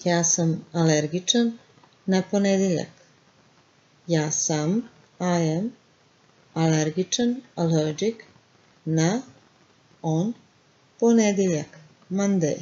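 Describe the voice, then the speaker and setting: A woman with a Montenegrin accent teaches vocabulary at an unhurried pace, repeating each word and quizzing the listener. Her voice is low-set and mellow. The recording sounds dull and lo-fi. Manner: repeats words slowly and clearly, quizzing the listener. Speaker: language teacher. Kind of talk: slow language lesson.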